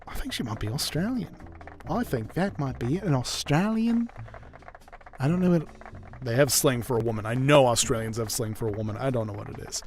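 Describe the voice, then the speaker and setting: A man's voice: mid-range voice, animated, brisk, soft background music. A man giving casual gameplay commentary with chatty, wry asides. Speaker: gaming video creator.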